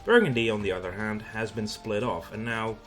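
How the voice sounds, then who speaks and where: A man's voice: on the low side, fairly quick, fairly bright tone, faint music behind. A Dutch man with a Dutch accent hosting a let's play, explaining the game in a casual way with frequent fillers. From Netherlands. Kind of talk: gameplay commentary.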